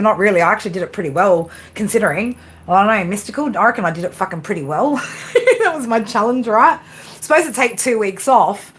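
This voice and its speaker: A woman's voice: medium pitch, fairly bright tone. A woman hosting a casual livestream pep talk, blunt and swearing constantly, with frequent tag questions. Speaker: tarot reader and livestream host.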